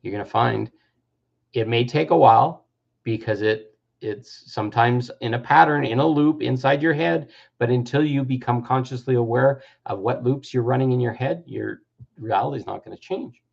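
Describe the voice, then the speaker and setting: Man, 50s, gravelly, earnest self-help talk, muffled lo-fi sound. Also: medium pitch, normal speed, a little mellow. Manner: earnest, acts out quoted voices. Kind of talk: reflective personal-growth talk. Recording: dull lo-fi recording.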